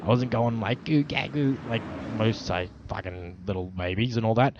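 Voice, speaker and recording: A low-voiced man rambles in a put-on Australian accent through an in-character roleplay monologue, bragging and swearing at every turn and leaning hard on slang. The recording is dull and lo-fi, with clear street and traffic noise outdoors behind him. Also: normal speed. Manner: boastful, swears constantly, lots of Aussie slang. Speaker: roleplaying vlogger.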